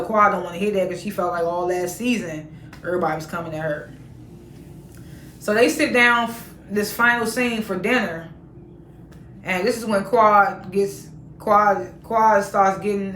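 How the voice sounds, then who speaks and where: A woman's voice: mid-range voice, fairly even intonation, normal speed, pushed and bright, slight background noise. A woman hosting a casual recap of a reality show, chatty and laughing often as she retells the scenes. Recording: roomy echo.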